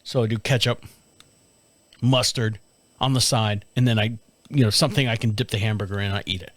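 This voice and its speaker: A man's voice: fairly low pitch, a little fast, no room sound. A man hosting his own show, telling a casual story alone and acting out the voices in it with frequent laughs. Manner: animated, acts out quoted voices, laughs often. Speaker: podcast host.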